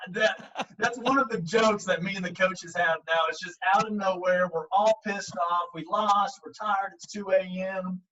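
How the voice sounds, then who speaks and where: A man, a baseball coach, tells a story with a bright, forceful voice, acting out the quotes as he goes. His voice sits a bit high for a man. He's set back from the mic, and the audio sounds a little dull. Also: measured pace, far from the mic, slight background noise. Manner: animated, acts out quotes, frequent fillers. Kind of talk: casual storytelling in an interview.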